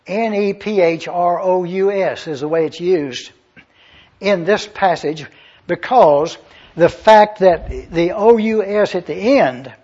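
Slow emphatic preacher, high voice. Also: male voice, darkish tone. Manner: emphatic, repeats key phrases, asks the audience if they follow. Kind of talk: sermon. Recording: dull lo-fi sermon recording.

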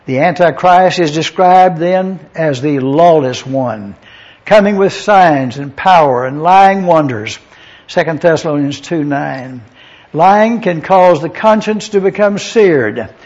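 A man's voice: fairly high pitch, expressive, slow pace, a little mellow. A man preaching a Bible-study sermon, going through words one by one and spelling out Greek terms letter by letter. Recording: dull lo-fi sound.

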